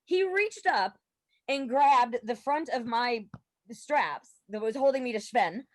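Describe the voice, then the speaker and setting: A woman guest on a podcast, telling a story in a casual, animated way and laughing often. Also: fairly high pitch, takes it slowly, no echo.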